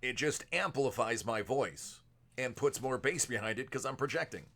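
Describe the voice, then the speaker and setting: A man hosting a live card-break stream, chatting casually with viewers and moving between a projected announcer voice and a softer everyday voice. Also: mid-range voice, animated, moderate pace, vocal fry. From United States. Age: adult with a young son. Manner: chatty, answers viewers by name.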